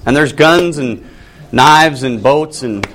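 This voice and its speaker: A man's voice: medium pitch, slow pace, a bit bright. A man leading a church class, joking with the group and reading a text aloud, then commenting on it. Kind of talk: casual Bible class talk with reading aloud.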